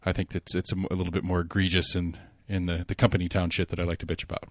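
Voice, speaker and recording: A man hosts a casual podcast chat. He rambles and restarts, animated, with plenty of fillers. The sound is dry and close. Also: deep voice, very fast, no echo. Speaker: podcast host.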